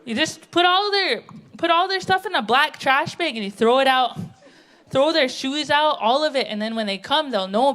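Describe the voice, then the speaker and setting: A woman's voice: high-pitched, a bit bright. A middle-aged woman from the United States doing a blunt, brash stand-up set on a theatre stage, speaking into a stage microphone. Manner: blunt, brash, tell-it-how-it-is. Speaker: stand-up comedian. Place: theatre stage, live audience.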